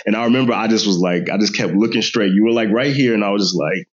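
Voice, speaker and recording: A man in his thirties, a podcast guest, retelling a family story in a casual, animated way, mimicking others' voices and laughing often. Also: fairly low pitch, a little fast, few pauses. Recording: dull lo-fi sound.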